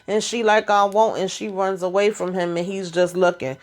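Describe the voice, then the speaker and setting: A woman's voice: mid-range voice, fairly even intonation, moderate pace. A woman giving a casual, slangy recap of a TV episode and talking back to the characters. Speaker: TV recap vlogger.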